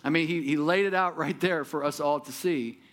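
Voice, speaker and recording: A man's voice: on the high side, moderate pace, a bit bright. A man preaching a sermon as pastor, talking conversationally and asking the congregation many rhetorical questions.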